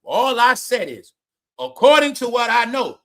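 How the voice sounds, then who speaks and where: A man doing casual, comedic celebrity gossip commentary, talking loudly, swearing, repeating names and laughing at his own jokes. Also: extremely high pitch, very animated, unhurried, vocal fry.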